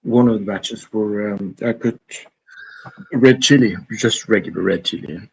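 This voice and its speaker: A man's voice: on the low side, a little slow, creaky, husky, poor audio. A man chatting as a guest on a video call, hesitant and full of ums. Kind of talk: casual chat.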